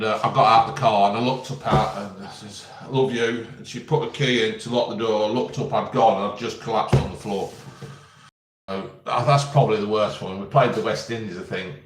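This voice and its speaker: A man answering viewers' questions in a casual live stream, blunt and jokey as he reads out each question. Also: lowish voice. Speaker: vlogger answering live chat. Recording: roomy and distant from the mic.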